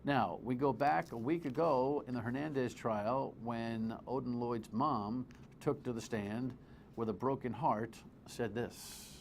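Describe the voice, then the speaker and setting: A man's voice: mid-range voice, measured pace, gravelly, slight background noise. A male TV talk show host, delivering a wry, conversational commentary monologue full of asides.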